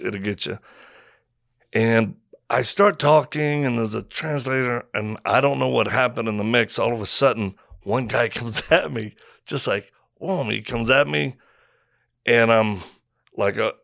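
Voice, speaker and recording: A man's voice: on the low side, vocal fry, no room sound, studio quality. A middle-aged man and former Marine telling stories in casual conversation, acting out quotes and sound effects as he goes. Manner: animated storyteller, acts out quotes and sound effects.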